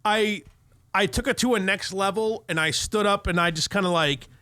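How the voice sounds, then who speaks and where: A man co-hosting a podcast, telling a profane, animated story in casual chat. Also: high-pitched, normal speed, no echo. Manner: profane, animated retelling with quoted rants. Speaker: podcast co-host.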